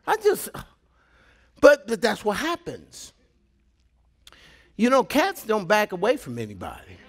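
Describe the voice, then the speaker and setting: Preaching with animation, this man speaks in a high voice at a measured pace. He sinks into hushed tones to stress points and tells stories sprinkled with laughing asides.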